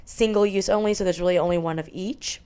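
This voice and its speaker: A woman's voice: fairly low pitch, fairly even intonation, quick pace, dark tone, smooth. Chatty woman giving an apartment tour. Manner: chatty, candid, listing items. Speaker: vlogger.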